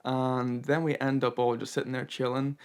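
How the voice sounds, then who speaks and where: A man's voice: medium pitch, level tone, normal speed, clear, resonant tone. A young man narrating his travel vlog in a chatty, rambling way, full of "kinda" and "you know". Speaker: travel vlogger.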